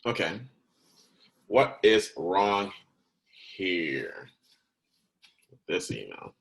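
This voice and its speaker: A man's voice: low-pitched, big pitch swings, very slow, vocal fry, fairly bright tone, rough recording. A man teaching a recorded lesson in a conversational way, often stopping to check in with "right?" and "okay?", and sometimes correcting himself partway through a word.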